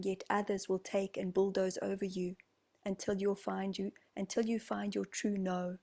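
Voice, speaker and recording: A woman with a New Zealand accent leading a channeled group session, speaking slowly and formally as "we". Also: medium pitch, flat delivery, vocal fry. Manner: slow, soft, formal speech speaking as "we".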